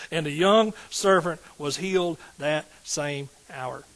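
A man's voice: a little high, a bit bright, rough recording. A middle-aged man, a pastor preaching a sermon in an emphatic call-and-response style with rising outbursts.

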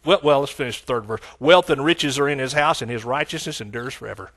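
Excitable Texan preacher man. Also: mid-range voice, quick pace. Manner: excitable, exclaims hallelujah, laughs, swings from shouting to hushed. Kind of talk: sermon.

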